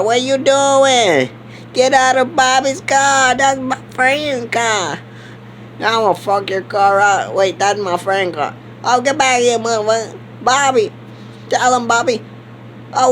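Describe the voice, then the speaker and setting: A rowdy man role-playing a character in a game, swearing through excited outbursts. His talk runs slow and drawn out, with a faint hiss of noise behind him. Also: very high voice.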